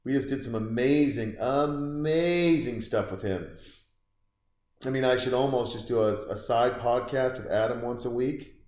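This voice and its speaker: A man's voice: medium pitch, moderate pace, darkish tone. A man hosting a podcast from his house, rambling through casual, sarcastic commentary as he reacts aloud to a movie. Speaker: podcast host. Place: room in a house. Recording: roomy echo.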